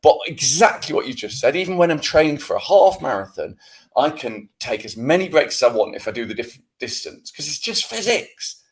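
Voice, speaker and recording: A man's voice: on the high side, fairly quick. A man with a British accent co-hosting a podcast, ranting in a casual, self-mocking way. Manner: animated, swearing, self-mocking rant. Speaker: podcast co-host.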